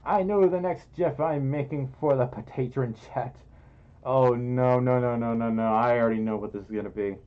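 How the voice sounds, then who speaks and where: A man's voice: medium pitch, normal speed. A man hosting a casual livestream in a fursuit, reading donations aloud in a playful, giggly, self-deprecating way. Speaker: streamer. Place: indoors, in a fursuit. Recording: muffled audio.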